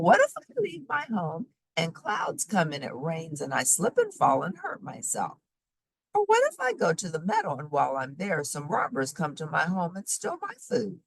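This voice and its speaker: A fretful young moose with a thin, weak, sighing voice that climbs high above the reader's own, as a woman puts him on for a storybook read aloud. Husky and dry, with lots of rise and fall. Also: dry recording, exaggerated voice, low-quality recording. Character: worried young male moose, mournful and timid.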